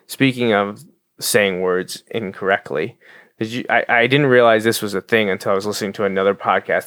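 A man's voice: lowish voice, a bit bright, dry recording. A man co-hosting a podcast in casual chat, rambling and restarting his sentences with stammers. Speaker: podcast co-host.

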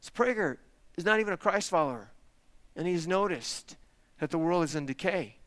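A man preaching a sermon to his congregation, emphatic and animated, asking rhetorical questions. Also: high voice, normal speed. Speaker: pastor.

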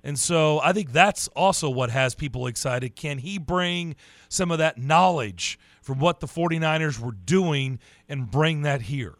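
A man hosting a sports radio show, chatting with a guest in a playful, drawn-out way. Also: on the high side, a bit bright, dry recording, studio quality.

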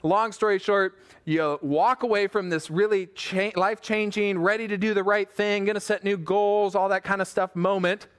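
A man's voice: sits high, fairly even intonation, normal speed, smooth. A man preaching a casual online sermon as pastor, chatty and joking with self-deprecating asides. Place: church room with a small team.

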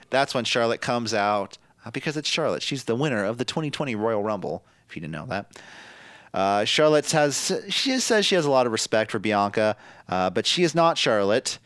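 A man's voice: mid-range voice, big pitch swings, moderate pace, a bit bright, no echo, clean studio sound. A man hosting a casual wrestling podcast, recapping matches in a profane, laughing, storytelling way. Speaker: podcast host.

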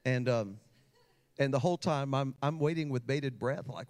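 A male pastor delivering a sermon at a mid-range pitch. He tells a personal story and lets his voice build with feeling as he goes. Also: normal speed, a little mellow. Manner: storytelling with rising emotional intensity.

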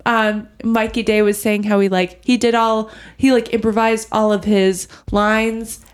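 A woman's voice: fairly high pitch, level tone, measured pace. Giggly woman rambling casually. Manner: giggly, rambling with many fillers. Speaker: podcast host. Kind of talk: casual chat.

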